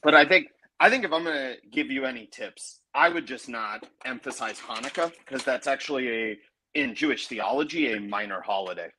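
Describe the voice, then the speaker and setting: Calm man giving advice over a headset. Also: medium pitch, fairly quick. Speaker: stream caller. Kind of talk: casual chat. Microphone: headset microphone. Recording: headset with faint background noise. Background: doing dishes, running sink.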